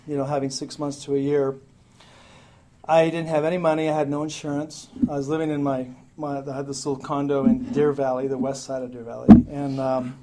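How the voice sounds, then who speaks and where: In a low-quality recording from a crowded meeting room, a man with a mellow, mid-range voice spins a loose, foul-mouthed, funny account of his recovery. Listeners laugh throughout his casual storytelling.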